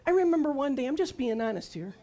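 A woman's voice: high-pitched, sing-song, fast, warm tone. Woman in her sixties, sermon, testimony style, talks straight to the congregation, acts out quotes. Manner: conversational, testimony-style, asks the audience questions; acts out her own and God's words in quoted lines. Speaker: preacher.

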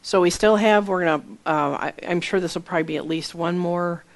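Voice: mid-range voice, fairly quick, creaky. A preacher giving a conversational sermon, reading scripture aloud and explaining it plainly through personal stories. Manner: earnest, reads scripture then explains it plainly; tells personal stories with small laughs. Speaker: Bible teacher.

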